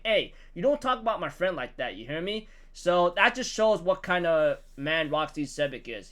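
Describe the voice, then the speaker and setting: A young man giving a casual, excitable recap of a manga chapter, acting out the characters' quotes amid lots of fillers. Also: a little high. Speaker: manga reviewer.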